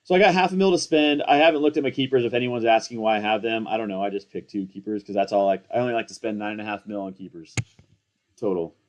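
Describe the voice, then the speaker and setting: A young man in casual commentary, excitable and rambling, slangy and self-mocking, hyped up on coffee. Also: fairly low pitch, fast, lo-fi sound. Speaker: fantasy football content creator.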